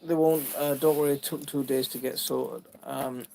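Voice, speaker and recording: A man's voice: medium pitch, steady tone, normal speed, gravelly. A father with a Sheffield accent hosting a casual live family chat, talking in a rambling, stop-start way with lots of fillers and teasing. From Sheffield, England. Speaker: father and channel host. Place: family home indoors. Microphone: phone. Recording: phone recording with background noise.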